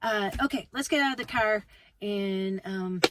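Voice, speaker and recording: A woman in her sixties talks to the camera from inside her car, loose and chatty, with plenty of ums and uhs. Her voice sits at an ordinary middle pitch. Road and engine noise hums clearly under her voice, as on a phone recording. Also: unhurried. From Minnesota. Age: 60s. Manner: rambling, relaxed, many fillers. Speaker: travel vlogger. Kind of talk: casual chatty vlog.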